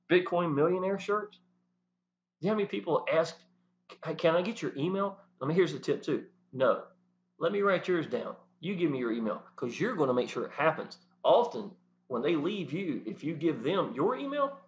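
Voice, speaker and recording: A man talking to the camera, animated and preachy, often saying "y'all". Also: on the high side, a little hiss or hum. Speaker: network marketing promoter. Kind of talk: casual talk to camera. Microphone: camera mic. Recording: dull lo-fi sound.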